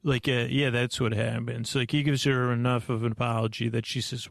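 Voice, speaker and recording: A man slowly recapping a movie plot at bedtime, meandering with lots of fillers and restarts. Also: medium pitch, level tone, vocal fry, no room sound, clean studio sound. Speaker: host.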